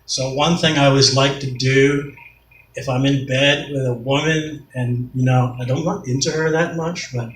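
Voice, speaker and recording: A man's voice: medium pitch, steady tone, normal speed. A middle-aged man from Canada doing a rambling, profane, self-mocking stand-up comedy set on a club stage. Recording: echoey club, mic far off, faint noise.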